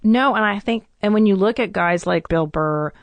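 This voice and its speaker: A woman's voice: mid-range voice, moderate pace, dry recording. A woman comedian talking candidly and bluntly as a podcast guest, swearing casually. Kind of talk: casual interview chat.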